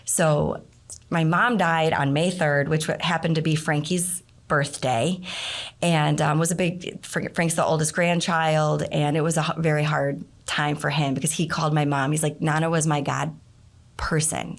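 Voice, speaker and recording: A middle-aged woman, a nonprofit founder appearing as an interview guest, tells a personal story in a casual, animated way. Her low voice leaps up when she acts out what people said in their outbursts.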